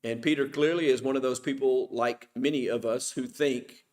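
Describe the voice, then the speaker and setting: A man's voice: mid-range voice, fairly even intonation, normal speed, a little mellow. A middle-aged man teaching an informal Bible study class at church. He asks the class questions and then answers them himself.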